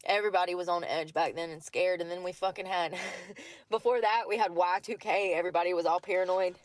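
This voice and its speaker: A woman's voice: fairly low pitch, fairly even intonation, brisk, dry recording. A woman talking in casual chat from a parked car at night, rambling, laughing often and swearing freely. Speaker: vlogger.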